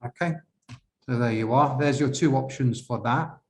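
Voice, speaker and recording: A man teaching as an IELTS examiner, correcting an essay step by step and asking viewers questions, with slow, halting speech. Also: mid-range voice. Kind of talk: classroom-style essay correction.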